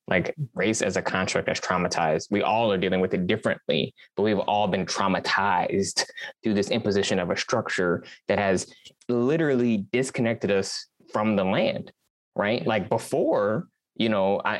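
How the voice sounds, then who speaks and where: A man's voice: deep voice, no echo. A man hosting a podcast discussion, talking earnestly and emphatically, often checking in with "right?". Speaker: podcast host. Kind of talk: conversational discussion.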